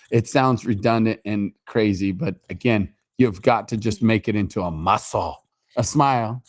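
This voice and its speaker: A man co-hosting a casual chat as a matchmaker, talking in a playful, teasing and animated way. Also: lowish voice, moderate pace. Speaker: matchmaker and co-host.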